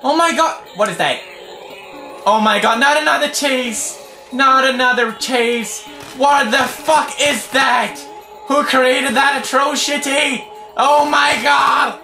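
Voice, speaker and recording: A young man in his twenties with a Swedish accent, commentating a game while swearing, muttering low and yelling high. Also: steady tone, a little slow, echoey room, soft background music. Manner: loud, swearing, swinging between low mutters and high yells. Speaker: gaming video host. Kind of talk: gameplay commentary.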